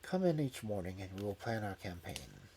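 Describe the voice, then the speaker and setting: A man voicing an injured, scheming male detective who mutters weakly and quietly. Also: lowish voice, huge pitch swings, normal speed, slight background noise. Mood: weak, wry. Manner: weak hushed mutter. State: weak.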